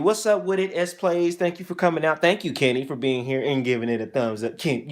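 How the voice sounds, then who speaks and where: A man's voice: fairly high pitch, steady tone, a little fast, hardly any pauses. A man hosting a casual livestream, teasing and joking with his chat viewers and talking into an iPhone on a selfie stick. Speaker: streamer hosting his own channel.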